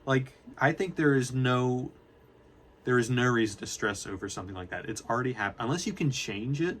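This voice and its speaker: A man's voice: medium pitch, expressive, a little fast, a little hiss or hum. A young man, a student vlogger, talks casually and unscripted, rambling and correcting himself as he goes. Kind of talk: casual unscripted talk to camera.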